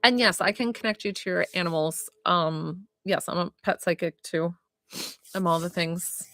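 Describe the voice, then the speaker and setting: A woman's voice: lowish voice, fairly even intonation, normal speed, creaky, fairly bright tone, no room sound. A woman giving an emotional live-streamed psychic reading to her viewers, gushing and often close to tears, with lots of "like" and "um". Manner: gushing, emotional, heavy use of "like" and "um". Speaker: psychic medium.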